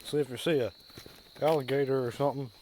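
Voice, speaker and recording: A man telling pun jokes in a rambling, deadpan way while out on a walk, recorded on a phone outdoors. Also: mid-range voice, fast talker, a little hiss or hum. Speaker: comedian. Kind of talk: casual joke-telling on a walk.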